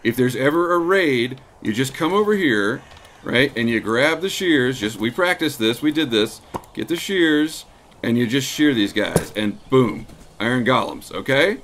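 A mid-pitched man hosts his own gameplay in an easygoing, chatty way. He talks to his in-game animals and lets loose with excited shouts at big moments. A faint hiss sits under the recording. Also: a little slow. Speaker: Minecraft gameplay host. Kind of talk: casual gameplay commentary.

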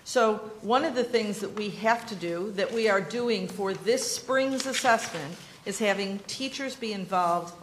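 Casual: woman at a hearing table, measured and confident, echoey room with faint hum in the back. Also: mid-range voice. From New York. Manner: measured, explanatory, self-assured. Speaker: education commissioner testifying. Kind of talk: formal testimony at a legislative hearing.

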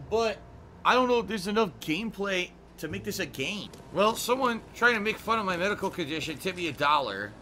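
A man's voice: sits high, pushed and bright, slight background noise, rough recording. A man streaming a game live, commenting as he plays, often frustrated and swearing. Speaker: gaming streamer.

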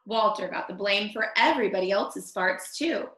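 A woman reading a picture book aloud to children, expressive, stopping to comment on the story. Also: medium pitch, moderate pace. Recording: echoey room.

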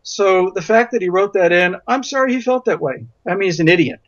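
A man's voice: sits high, expressive, a little fast, fairly bright tone, no room sound. A man guest in an interview, a physician telling stories emphatically and repeating words for stress. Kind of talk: interview conversation. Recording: dull lo-fi audio.

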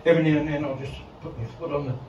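A man's voice: on the high side, fairly even intonation, very fast, muffled recording, a little hiss or hum. A middle-aged Australian man doing crude, rambling stand-up comedy in a casino comedy room, swearing constantly and laughing at his own jokes. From Victoria, Australia. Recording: roomy live recording from a distance, loud crowd.

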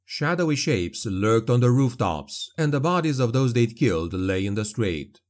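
A man narrating a dark fantasy audiobook in a steady, dramatic storytelling manner. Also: medium pitch, moderate pace.

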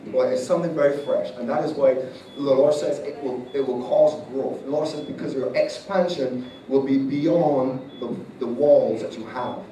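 A man's voice: medium pitch, normal speed, mellow. A man preaching in church as an apostle, declaring prophecy over a congregant in fervent bursts. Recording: echoey hall, mic far off, noisy.

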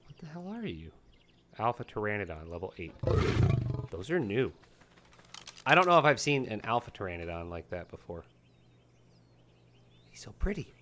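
A let's-play host giving casual gameplay commentary, excitable and talking to viewers and to the game animals. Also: mid-range voice, slight background noise.

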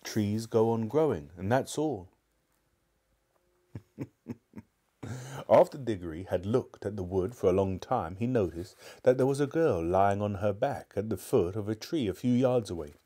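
Male live-stream reader, relaxed low tone, friendly asides between story passages. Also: moderate pace. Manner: chatty and appreciative asides. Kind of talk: reading aloud live and chatting with viewers.

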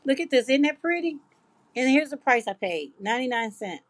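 Animated and fairly quick, this middle-aged woman's voice sits high in a dry recording. She's hosting a live craft stream, chatting casually and reading her viewers' comments.

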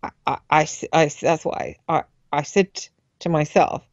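A woman guest on a radio show, recounting a personal experience in a halting way as she searches for words. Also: sits low, fairly even intonation, darkish tone, no room sound, muffled recording.

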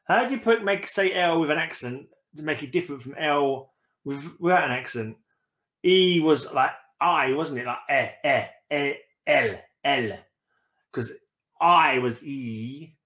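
A man's voice: on the high side, measured pace, sharp tone. English male reactor. Wry, exasperated commentary. Reverberant room sound. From England. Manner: joking, exasperated asides. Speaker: reaction video host. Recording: roomy echo.

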